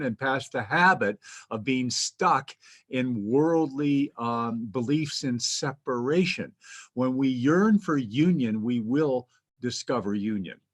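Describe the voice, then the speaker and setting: A man co-hosting a spiritual talk radio show, speaking in a calm, reflective, measured way. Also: medium pitch.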